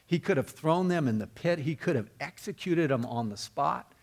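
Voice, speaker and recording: Gravelly-voiced man preaching a sermon. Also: on the high side, lively intonation, moderate pace, darkish tone. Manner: earnest storytelling with repeated words and restarts. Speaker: pastor.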